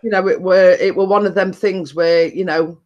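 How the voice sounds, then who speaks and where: A woman's voice: fairly low pitch, steady tone, normal speed, a little mellow, muffled recording. A woman hosting a casual chat stream, reading out comments with a chuckle. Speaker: host of a live chat stream.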